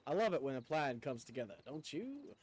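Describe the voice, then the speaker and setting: A man's voice: mid-range voice, big pitch swings, fairly quick, a little mellow, husky. A man streaming a video game, chatting casually as he plays, rambling and stammering and poking fun at himself. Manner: rambling, stammering, self-mocking. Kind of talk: casual gameplay commentary.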